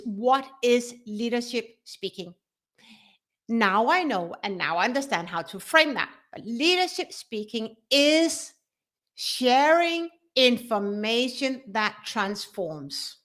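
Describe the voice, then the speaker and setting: A woman's voice: high voice, fairly bright tone. A middle-aged woman coach telling a personal story to the camera, earnest, with frequent restarts and self-corrections. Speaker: leadership speaking coach.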